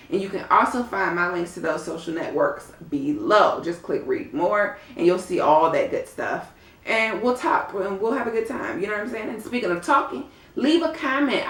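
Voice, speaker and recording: A woman casually reviewing a reality TV episode, animated and sassy, talking straight to her viewers. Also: medium pitch. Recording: roomy echo.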